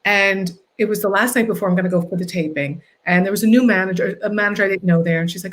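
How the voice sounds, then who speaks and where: A woman hosting a casual interview, telling stories in a lively way and acting out what people said. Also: medium pitch, quick pace, hardly any pauses. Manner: animated storyteller, acts out quotes. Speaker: host.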